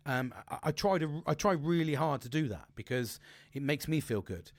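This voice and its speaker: A man's voice: medium pitch, animated, normal speed, dry recording. Candid, rambling man, dry close sound. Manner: rambling, open and emotional, heavy swearing, many restarts. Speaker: podcast host. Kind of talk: candid personal talk.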